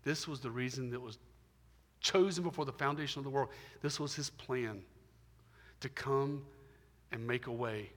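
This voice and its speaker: A man pastor preaching a sermon, emphatic and repetitive, swinging between loud stresses and quiet drops. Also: mid-range voice. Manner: emphatic, repetitive preaching with rising and falling intensity. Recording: long hall reverb.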